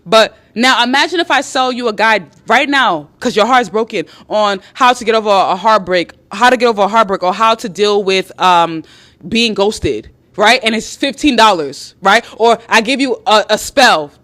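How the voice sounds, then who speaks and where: A woman's voice: mid-range voice, normal speed, fairly bright tone. A woman hosting a live stream, chatting with viewers and reading out their comments, speaking bluntly, swearing freely, and repeating herself for emphasis.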